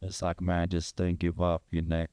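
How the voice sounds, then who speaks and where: A man's voice: low-pitched, monotone, moderate pace, dark tone, clean tone, no room sound. A young man talking as a guest in a casual podcast conversation, rambling and filling his speech with "like". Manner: rambling, heavy use of "like" fillers. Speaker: guest, father of three.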